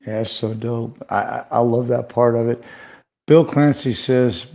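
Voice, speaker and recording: Older man, interview host, gravelly dark voice, chatty and rambling, lo-fi sound. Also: mid-range voice, steady tone, unhurried. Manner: rambling, conversational, many fillers. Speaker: podcast host. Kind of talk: casual interview chat. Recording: dull lo-fi sound.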